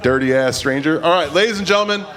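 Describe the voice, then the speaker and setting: Joking high-voiced male emcee. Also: fast talker, a bit bright. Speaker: comedy show host. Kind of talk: emceeing between comedy acts.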